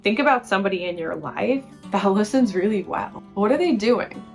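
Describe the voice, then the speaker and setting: A woman's voice: mid-range voice, animated, normal speed, gravelly. A woman hosting a relationship-advice video, explaining points conversationally to the camera and often asking rhetorical questions. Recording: faint guitar music behind.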